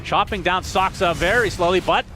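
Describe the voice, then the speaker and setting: A man casting an esports match, calling the action in rapid play-by-play. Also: high-pitched, over music. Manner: rapid excited play-by-play calls. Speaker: esports caster. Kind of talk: play-by-play commentary.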